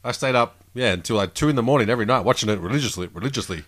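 A man's voice: mid-range voice, expressive, rapid-fire, a bit bright. A man chatting casually as a podcast co-host, laid-back, swearing freely and laughing at his own stories. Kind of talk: casual chat.

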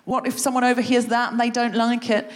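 A woman, speaking as a guest on stage and leading an audience through a creativity exercise in a playful, energetic way, laughing often. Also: on the high side, fairly quick. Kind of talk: live stage talk to an audience.

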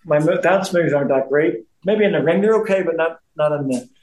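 A man's voice: a little high, brisk, a little mellow, echoey room, poor audio. A man in his fifties with a Belfast accent, a former boxer chatting as an interview guest, rambling and often restarting his sentences. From Belfast, Northern Ireland. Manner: rambling, repeats himself, frequent restarts. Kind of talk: casual interview chat.

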